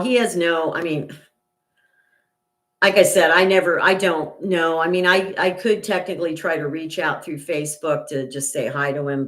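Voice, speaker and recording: An older woman chats away on her own livestream with a lower-pitched voice. She rambles through her thoughts with plenty of fillers and restarts. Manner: indignant, gets loud and high when retelling an argument. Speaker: channel host. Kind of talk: casual livestream chat.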